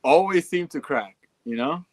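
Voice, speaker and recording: A man's voice: fairly high pitch, animated, normal speed, no echo. A young man chatting casually on a livestream, reading out fan messages in a laid-back, slangy and profane way.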